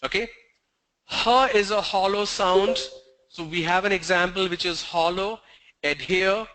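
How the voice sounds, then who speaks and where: Slow, bright-voiced teacher. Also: male voice, high voice, fairly even intonation, rough recording. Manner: slow, demonstrating sounds with repeated example words. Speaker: English pronunciation teacher. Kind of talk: classroom pronunciation lesson.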